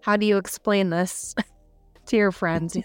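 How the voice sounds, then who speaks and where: A young woman co-hosting a podcast walks through a book's plot in a casual review chat, her smooth, clear, mid-range voice fairly even and a little slow. She's easygoing and chatty, with fillers and little laughs. The sound is dry and close with no echo, and soft music plays faintly underneath.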